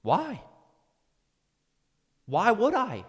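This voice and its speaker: A man's voice: a little high, very animated, normal speed, long pauses, fairly bright tone, long reverb tail. A man who mentors traders, ranting intensely on a live stream as he answers viewer questions, swearing often and stumbling over restarts.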